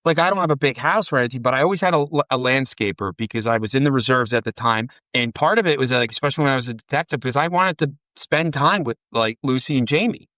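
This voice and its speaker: A man's voice: medium pitch, fast talker, few pauses, no room sound. Guy in his 40s rambling thru stories, swears a lot, acts out voices, dead dry mic. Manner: rambling, profane, animated storytelling with quoted dialogue. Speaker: podcast guest. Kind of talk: casual storytelling chat.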